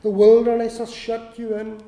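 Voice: medium pitch, monotone, moderate pace, warm tone. A preacher delivering a sermon, repeating key lines for emphasis. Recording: echoey hall with long reverb.

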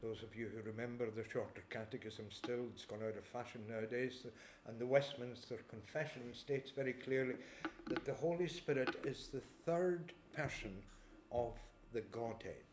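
Male preacher, middle pitch, measured expository sermon with throat clearing, echoey church room. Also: background noise. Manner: measured expository preaching, reading scripture aloud slowly.

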